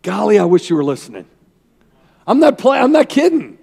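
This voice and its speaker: Rambling folksy pastor in a reverberant hall. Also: male voice, high voice, wildly swooping pitch, brisk, vocal fry, dark tone, breathy edge. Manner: rambling, folksy storyteller with asides to the crowd. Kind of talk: sermon.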